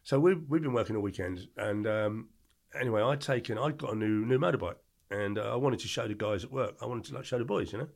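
Speaking in a mid-range, gravelly voice, an older English former doorman guests on a podcast and races through a story. His interview manner is relaxed, and he animatedly acts out the voices of the people involved, full of energy from start to finish.

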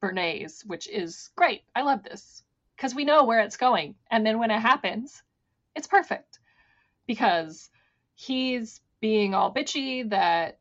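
A woman's voice: fairly high pitch, expressive, slow pace, highs cut off. A woman co-hosting a podcast, chatting enthusiastically about a film and quoting its lines. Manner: enthusiastic, quotes lines in playful voices. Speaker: podcast co-host. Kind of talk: casual film discussion.

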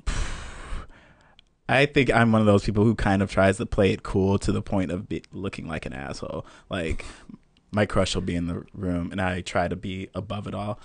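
A man's voice: sits low, steady tone, moderate pace, vocal fry, no room sound. A man, a comedy performer guesting on a podcast, teasing the host in a dry, playful way. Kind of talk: casual podcast chat.

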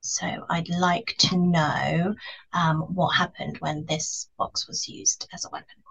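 A woman at a tabletop game explains her moves slowly and thoughtfully, with a fairly low voice. Her audio sounds dull and muffled. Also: fairly even intonation, creaky, fairly bright tone, slightly rough. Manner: thoughtful, hesitant explaining with fillers. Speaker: player. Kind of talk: casual tabletop play.

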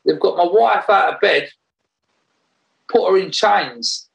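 Gravelly man telling a story. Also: high-pitched, takes it slowly, poor audio. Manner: animated, laughs while telling, rambling restarts. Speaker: interview guest. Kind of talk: casual storytelling in an interview.

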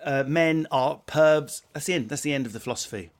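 A man's voice: a little high, brisk. Man hosting a bantering podcast. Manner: crude, joking banter. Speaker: podcast host. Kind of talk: comic podcast monologue.

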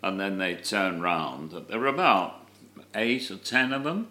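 Older guy, lowish bright voice, rambling anecdotes. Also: a little slow. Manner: lively raconteur, rambling, self-correcting. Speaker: guest, father of a comedian. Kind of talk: anecdotal storytelling at dinner.

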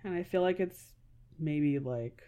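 A woman co-hosting a podcast in casual chat, animated, laughing and swearing freely. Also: deep voice, a little slow, phone-quality sound. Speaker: podcast co-host.

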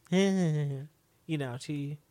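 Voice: medium pitch, extremely slow, mellow. A podcast co-host recapping a TV episode in casual chat, speaking hesitantly with many fillers.

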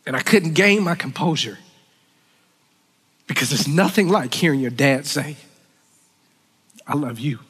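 A man leading worship, giving an earnest, emotional sermon in a church, with halting restarts. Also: fairly high pitch, expressive, fairly bright tone, breathy edge. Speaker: worship leader. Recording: long church hall reverb.

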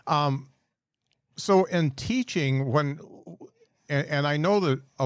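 A man's voice: mid-range voice, dry recording, studio quality. A man hosting a casual podcast chat, talking in a reflective way and searching for his words. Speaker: podcast host.

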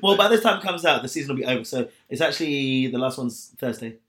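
A man's voice: mid-range voice, animated, fast talker, fairly bright tone. A man chatting animatedly as a podcast co-host, laughing often. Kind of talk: casual chat.

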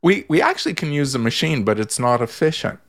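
A man's voice: a little high, very animated, fast. A man, a therapist guest in a casual radio chat, telling an exasperated story full of restarts.

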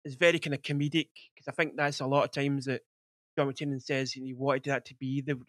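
A man's voice: mid-range voice, little pitch movement, a little fast, fairly bright tone, no echo, clean studio sound. Rambling man in his forties. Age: 40s. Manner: rambling, heavy on filler words. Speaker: podcast host. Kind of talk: casual film chat.

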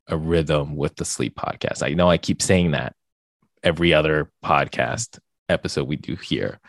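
Deep-voiced young man hosting a podcast. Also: no echo. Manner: rambling, filler-heavy, gets animated when joking. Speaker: podcast host. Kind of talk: casual podcast chat.

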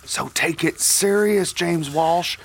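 An actor playing a stern, officious small-town deputy who insists on doing things by the book. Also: male voice, on the high side, slow, vocal fry, noisy background.

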